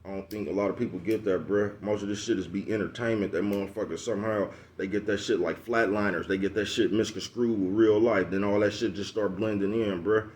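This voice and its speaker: A man with a low voice talks straight to camera in a blunt, profane advice rant. He preaches with heavy slang, calls his listeners "bruh" and "folks", and keeps looping back to check they follow. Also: fairly even intonation, brisk, few pauses, a little mellow, a little hiss or hum. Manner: profane, preachy, repeats "you know what I'm talking about". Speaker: vlogger giving street advice. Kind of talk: casual advice monologue.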